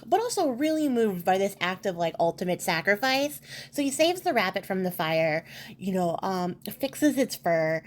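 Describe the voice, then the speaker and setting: A woman's voice: mid-range voice, slight background noise. A woman craft vlogger retelling a folk tale in a chatty, casual way with laughing asides. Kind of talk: casual storytelling.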